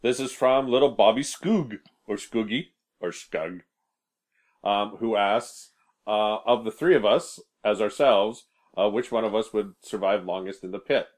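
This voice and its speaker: A man's voice: lowish voice, measured pace. A man co-hosting a casual podcast, joking and bantering with his co-hosts. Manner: joking, playful, animated. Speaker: podcast co-host, game developer.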